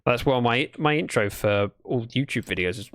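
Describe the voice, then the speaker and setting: A man's voice: mid-range voice, animated, moderate pace, a bit bright, dry recording, clean studio sound. A British man chatting casually to his live chat while building in a game, thinking aloud as he goes. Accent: British English. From Britain. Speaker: streamer.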